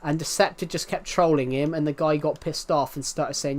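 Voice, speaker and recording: A man's voice: a little high, moderate pace, hardly any pauses. A young English man with an English accent livestreaming, chatting casually to his viewers and rambling in circles, repeating himself. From England. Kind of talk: casual chat to live viewers.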